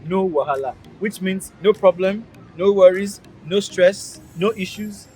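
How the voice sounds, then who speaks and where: Upbeat high-voiced Nigerian man teaching. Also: darkish tone, soft background music. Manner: upbeat, emphatic, patient, repeats phrases slowly. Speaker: pidgin teacher, channel host. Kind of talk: casual language lesson. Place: outdoors beside a busy road.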